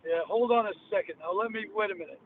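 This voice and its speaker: A man's voice: high voice, quick pace. A man hosting a live podcast while driving, talking in brash showman patter over a phone call. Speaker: radio podcast host on a call. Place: driving in a car. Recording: tinny phone line, road noise.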